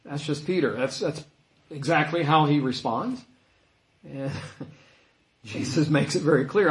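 A man preaching a sermon in an animated way, acting out the voices he quotes. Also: a little high, normal speed. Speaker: pastor. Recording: echoey room.

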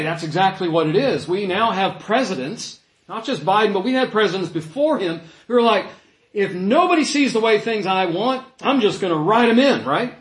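A man preaching a sermon in an animated way, acting out the voices he quotes. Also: high voice. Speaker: pastor. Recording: echoey room.

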